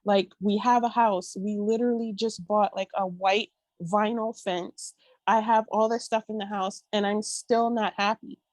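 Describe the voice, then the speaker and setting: A woman in her thirties, a podcast guest telling a personal story with lively, emotional bursts. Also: mid-range voice, unhurried, no room sound. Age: 30s. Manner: animated, emotional, bursts of exclaiming.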